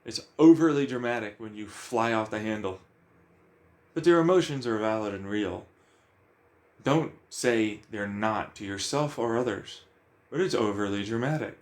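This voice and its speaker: A man's voice: fairly low pitch, moderate pace. A man talking bluntly about emotions in a casual, profane monologue, firing questions at himself.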